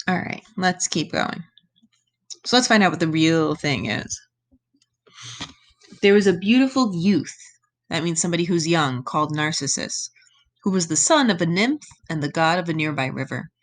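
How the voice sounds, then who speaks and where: A young woman with a somewhat low-pitched voice talks a class through a myth she is reading. Her manner is relaxed and conversational, stopping often to explain words in everyday terms. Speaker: teacher. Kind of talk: reading lesson, thinking aloud over a text.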